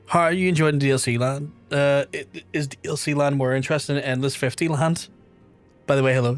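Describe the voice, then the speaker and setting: A man's voice: medium pitch, steady tone, brisk, soft background music. A man streaming a game, chatting casually with his viewers, swearing freely and laughing often. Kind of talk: casual live-stream chat.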